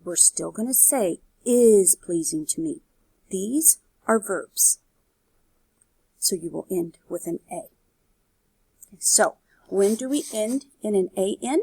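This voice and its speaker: A woman teaching Spanish in a recorded video lesson. Her voice has a gravelly, husky grain, and the recording is close and dry. She explains step by step and keeps checking in with her students. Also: medium pitch, lively intonation, slow, mellow, no room sound.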